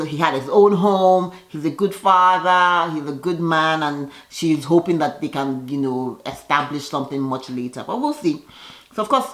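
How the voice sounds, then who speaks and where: A woman giving a casual, chatty recap of a TV episode. She leans on "you know" and acts out the cast's lines with animated quoting. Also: fairly low pitch. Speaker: reality TV recap vlogger. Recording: roomy echo.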